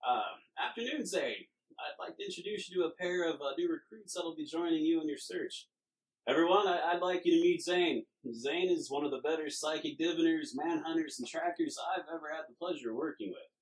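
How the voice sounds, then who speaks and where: A man's voice: on the high side, fairly quick, recorded from a distance, pitched above the performer's own voice, lightly acted, low-quality recording. A man voicing a polite, businesslike leader who gives formal briefings with a few hesitations.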